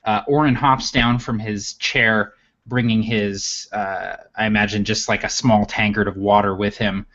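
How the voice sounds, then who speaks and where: A man's voice: on the low side, fairly even intonation, unhurried, fairly bright tone. A man describing his character's actions in a tabletop game, hesitant, with many fillers, on a muffled recording. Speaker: player.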